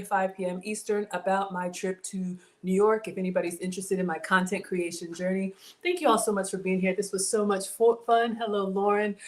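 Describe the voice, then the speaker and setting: Chatty woman hosting a livestream. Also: mid-range voice. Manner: chatty, reads viewer comments, says y'all. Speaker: livestream cooking host. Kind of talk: casual livestream chat.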